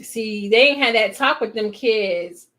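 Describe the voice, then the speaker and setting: Woman, reaction host; higher-pitched, rambling, disbelieving commentary on a film. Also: measured pace, bright, forceful tone. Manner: talks back at the screen in disbelief; chatty, rambling, with trailing restarts. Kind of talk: casual watch-along commentary.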